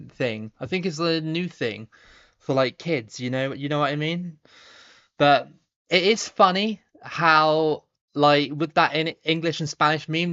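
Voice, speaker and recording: A man in his thirties with a Somerset accent, chatting casually on a live stream while reading viewer comments, relaxed, with lots of ums and restarts. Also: on the high side, clean tone, highs cut off. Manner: relaxed, chatty, frequent ums and repeated starts, laughs easily.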